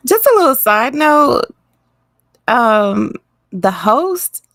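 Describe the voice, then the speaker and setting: A woman giving reaction commentary on a clip, musing aloud in a halting way with restarts. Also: fairly high pitch, big pitch swings, gravelly, a bit bright, dry recording, clean studio sound.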